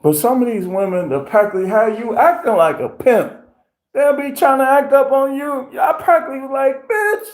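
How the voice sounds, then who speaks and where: Animated, profane man ranting on a livestream. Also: very high voice, moderate pace. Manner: animated, profane storytelling with voiced impressions. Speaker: livestream host. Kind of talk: casual livestream rant. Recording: roomy echo.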